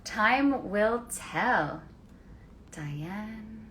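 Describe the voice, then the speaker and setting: A bubbly woman hosts a casual live-stream chat, her voice rising and falling in a lively, animated way. She is chatty and effusive, speaking over a phone or computer mic. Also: medium pitch, moderate pace, background noise. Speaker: host. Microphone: phone or computer mic on a social media live.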